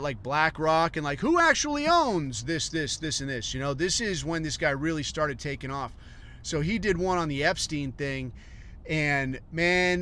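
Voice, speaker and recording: A man's voice: fairly high pitch, fairly bright tone. A man ranting on a podcast, rambling and profane, sometimes mocking other people in put-on voices. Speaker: podcast host.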